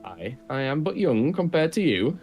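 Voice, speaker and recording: A man's voice: medium pitch, big pitch swings, moderate pace, loud music behind the voice, lightly acted. A man voicing an eager, nosy young male dwarf with a Scottish accent, chatty and pushy, firing off question after question in improvised tabletop role-play. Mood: eager, prying.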